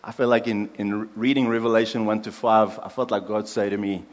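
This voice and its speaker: A man preaching a sermon as pastor, earnest, dropping soft for prayers and building emphasis in lists. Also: lowish voice, fairly even intonation, a little fast, long reverb tail.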